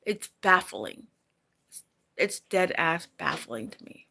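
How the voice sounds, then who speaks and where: A woman's voice: on the low side, sing-song, slow pace, gravelly, pushed and bright. A middle-aged woman vlogging, angry and upset, repeating herself as she vents after sleepless nights. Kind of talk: emotional personal vlog.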